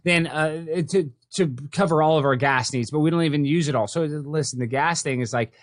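Fast-talking man, rambling podcast host. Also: on the high side, no echo. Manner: rambling, lots of restarts and fillers. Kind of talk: casual podcast chat.

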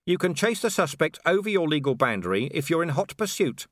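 A man's voice: a little high, big pitch swings, a little fast, no echo, pitched above the performer's own voice. Man doing a weary sardonic copper, slightly raised voice, dry delivery, audiobook. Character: weary, dry-witted middle-aged male watch commander.

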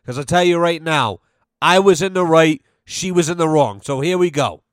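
Male podcast host, casual chat, cursing and sarcastic, slightly high voice, dry close mic. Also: lively intonation, normal speed, no room sound. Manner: profane, sarcastic storytelling.

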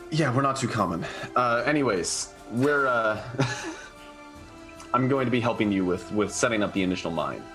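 A man's voice: fairly low pitch, animated, moderate pace, a bit bright, faint music behind. A man playing a tabletop role-playing game, stammering and laughing easily. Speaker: player. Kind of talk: casual tabletop play.

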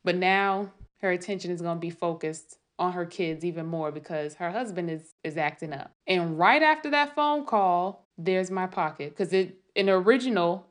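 Rambling woman thinking out loud. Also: on the low side. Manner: rambling, thinking aloud with many restarts. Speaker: writer. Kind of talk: casual late-night monologue.

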